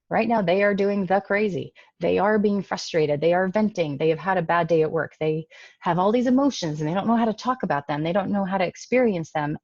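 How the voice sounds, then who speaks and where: A woman speaks to parents in a casual, emphatic way through a computer mic. Her voice has a strong gravelly fry. The recording is dry and dull, with lo-fi computer audio. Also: fairly low pitch, a little mellow, dry recording. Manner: conversational, emphatic. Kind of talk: casual online talk.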